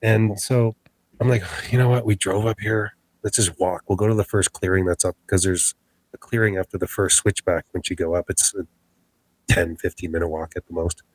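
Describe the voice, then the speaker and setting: A low-pitched man tells a first-hand story of a scary night outdoors, his delivery lively as he acts out every line of dialogue. The sound is dry and close, with no room around him. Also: moderate pace, husky, no echo, poor audio. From Canada. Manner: animated, acts out quoted dialogue. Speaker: podcast guest. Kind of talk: storytelling an encounter.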